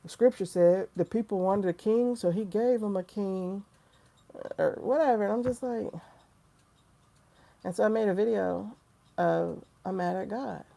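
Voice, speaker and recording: A woman's voice: mid-range voice, a little slow, gravelly, pauses often, warm tone. A woman hosting a spiritual livestream, telling a story in casual, candid talk, quoting herself and others with profane asides. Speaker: tarot livestream host.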